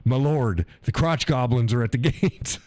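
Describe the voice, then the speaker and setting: A man's voice: medium pitch, a little slow, darkish tone, close to an everyday voice. A man voicing a panicked soldier reporting an attack to his lord. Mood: urgent. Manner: urgent mock-dramatic report.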